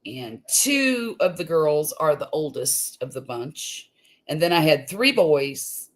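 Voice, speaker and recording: Slow, low-voiced grandmother chatting. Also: big pitch swings. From US Gulf Coast. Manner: chatty, homey, laughs easily, trails off with fillers. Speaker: live-stream host. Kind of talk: casual live-stream chat. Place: home room.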